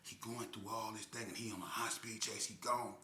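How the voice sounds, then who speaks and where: A man telling a crime story in a casual, animated way, adding sound effects and slang. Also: on the low side, a little fast, slight background noise. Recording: echoey room.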